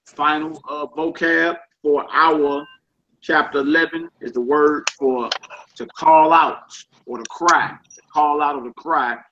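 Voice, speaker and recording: Man teaching a relaxed online class. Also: a little high, measured pace. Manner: relaxed, repeats each word aloud, slangy asides. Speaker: Hebrew teacher. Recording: slightly dull lo-fi with faint noise.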